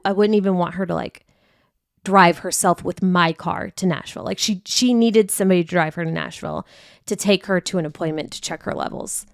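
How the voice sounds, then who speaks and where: A young woman talks straight into a close podcast mic with a smooth, clear voice and a dry, close sound. She speaks frankly and with feeling, and she acts out her own past outbursts as she tells the story. Her pitch sits in the middle for a woman. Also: no echo. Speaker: podcast host. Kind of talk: candid confessional podcast monologue.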